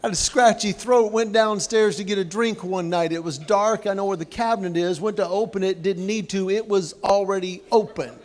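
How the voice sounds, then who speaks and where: A man's voice: sits high, fairly even intonation, a little fast, hardly any pauses. A man giving a humorous speech at a banquet, telling stories and acting out the quotes. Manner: storytelling with acted quotes. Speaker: banquet speaker. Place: banquet hall, indoors.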